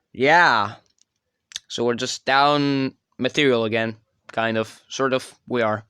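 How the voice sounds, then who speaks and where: A man's voice: medium pitch, pushed and bright, clear, resonant tone, dry recording, studio quality. A man giving casual, rambling commentary over his own chess games, often stopping to correct himself. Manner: rambling, self-correcting, filler-heavy. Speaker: chess channel creator.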